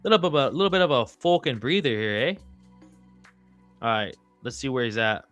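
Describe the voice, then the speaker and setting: A man's voice: medium pitch, animated, a little fast, a bit bright, muffled recording, faint music behind. A man hosting a live-stream sports talk show, casual, slangy and profane, calling viewers and guests brother and dog. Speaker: podcast host.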